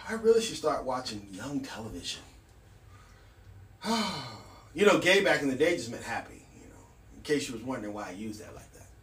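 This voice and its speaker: A man's voice: medium pitch, sing-song, moderate pace, pauses often, a bit bright, far from the mic. A man hosting a casual solo podcast, talking bluntly and with a sardonic edge. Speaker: podcast host. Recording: echoey room, off mic.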